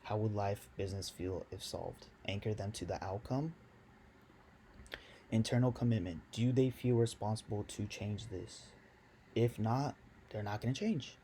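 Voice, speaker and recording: A man's voice: on the low side, unhurried, mellow, slight background noise. A young man giving a casual video lesson on sales, slangy, loose and chatty, talking straight to his viewers. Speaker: sales coach.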